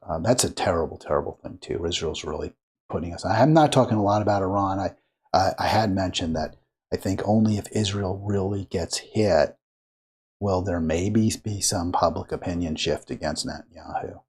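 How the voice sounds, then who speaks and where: A man's voice: deep voice, moderate pace, darkish tone, husky. A man from Maryland hosting a political commentary show, talking casually and rambling with many fillers and restarts. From Maryland, USA.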